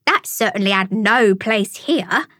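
A woman voicing a showy, enthusiastic female toad with a high-pitched voice, in a storybook audiobook. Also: expressive, unhurried, sharp tone, no room sound, studio quality. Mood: gushing. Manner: gushing, enthusiastic.

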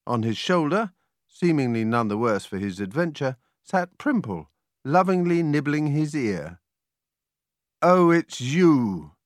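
A man reading a children's storybook aloud, with an animated, expressive delivery. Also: mid-range voice, measured pace, no echo, clean studio sound. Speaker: audiobook reader.

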